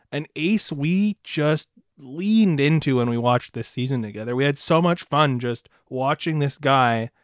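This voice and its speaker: A man co-hosts a podcast with eager, joking energy and jumps into the conversation. His voice is mid-pitched. The recording sounds dry and close to the mic. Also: dry recording. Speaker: podcast co-host. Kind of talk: casual chat.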